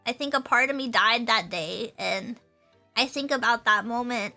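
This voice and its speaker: A woman's voice: a little high, moderate pace, pushed and bright, soft background music. A young woman streamer in casual chat with her viewers, bubbly and rambling, laughing often and repeating herself.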